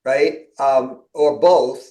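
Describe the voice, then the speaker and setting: A man's voice: medium pitch, fairly even intonation, very slow, mellow, roomy sound, poor audio. A middle-aged man hosting a podcast, telling stories in a casual way and acting out quoted conversations. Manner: storytelling, acts out quoted exchanges with laughs. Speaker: podcast host.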